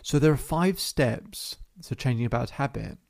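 Calm and unhurried, the hypnotherapist narrates a session, circling back through repeated phrases. His mid-range voice carries vocal fry.

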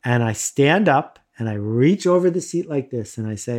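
A middle-aged man from the United States telling a self-deprecating personal story in a casual, animated way, laughing often. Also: mid-range voice, moderate pace, few pauses. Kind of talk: casual anecdote, conversational storytelling.

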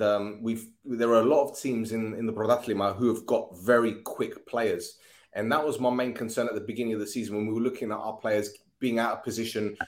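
A man hosting a casual football fan livestream, jokey, swearing freely and laughing often. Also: on the low side.

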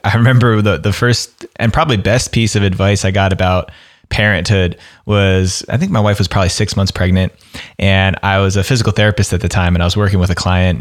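A male podcast host candidly sharing a personal story in a casual conversation. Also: deep voice.

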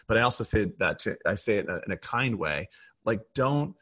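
A man's voice: fairly low pitch, expressive, brisk, a bit bright, slightly rough. A man in his forties co-hosting a podcast, talking candidly and reflectively with blunt, profane asides. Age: 40s. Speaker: podcast co-host.

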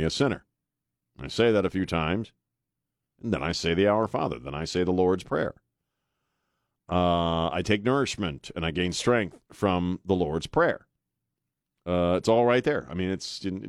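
A man's voice: low-pitched, no echo. A man hosting a talk radio show, speaking bluntly and sarcastically with frequent hesitant fillers, in a studio at a microphone. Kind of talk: opinionated talk radio monologue.

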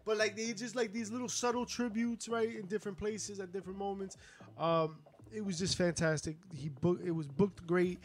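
A man co-hosting a wrestling podcast, telling stories with laughs and swearing in a loose, animated way. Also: sits high, normal speed. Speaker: podcast co-host. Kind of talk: casual wrestling chat.

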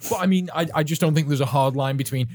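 A man's voice: fairly high pitch, fast, darkish tone, no echo, studio quality. A man hosting a podcast, chatting casually in a rambling way, swearing now and then and laughing often while he sips a drink. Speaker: podcast host.

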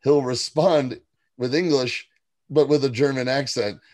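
A podcast co-host chats casually about a TV episode, laughing often and performing lines as he recaps it. His medium-pitched voice is a little slow and mellow, with fairly even intonation.

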